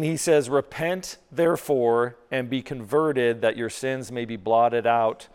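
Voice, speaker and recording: A man's voice: medium pitch, clear, resonant tone. A man preaching a sermon as pastor, earnest, often repeating words as he builds a point. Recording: long hall reverb.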